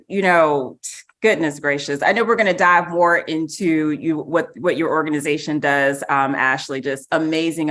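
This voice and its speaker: A woman's voice: low-pitched, a bit bright. A woman moderating a panel in a casual, upbeat way, hyping up the audience and guests.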